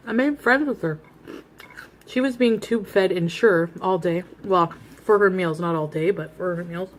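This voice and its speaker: A woman's voice: fairly low pitch, darkish tone, slight background noise. A woman telling a chatty, confessional story while eating on camera, casual storytime. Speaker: mukbang vlogger.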